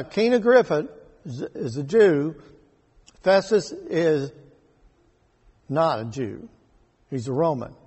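Slow, husky man teaching Bible study. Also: a little high, darkish tone. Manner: slow and deliberate, rereading scripture verses aloud. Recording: echoey hall with long reverb.

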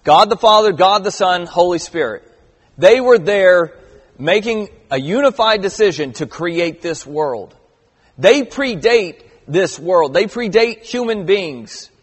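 High-voiced man preaching in a reverberant hall. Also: animated, unhurried, slightly rough. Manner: conversational preaching with emphatic stresses and scripture reading. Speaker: pastor. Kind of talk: sermon.

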